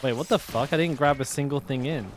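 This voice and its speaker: An English game streamer with a West Country accent talks casually to his live-stream viewers, rambling and swearing now and then. His voice is medium in pitch and quick in pace, with background noise audible.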